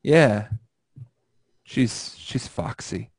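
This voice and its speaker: A man's voice: mid-range voice, lively intonation, drawn-out words, gravelly, husky, no room sound. A young man hosting a casual podcast over a remote call, joking and rambling with crude humor. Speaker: podcast host.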